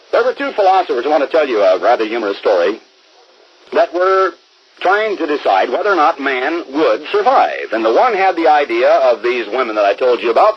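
A man's voice: medium pitch, dull audio, a little hiss or hum. A man preaching a radio sermon, emphatic and drawing out key words for stress.

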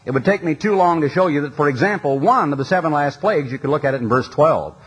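Guy preaching to a big arena crowd, husky breathy voice, gets fired up reading scripture. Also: on the high side, lively intonation, quick pace, rough recording. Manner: impassioned, reads scripture aloud, lists items in rising cadence. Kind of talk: sermon to a large audience. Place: large arena.

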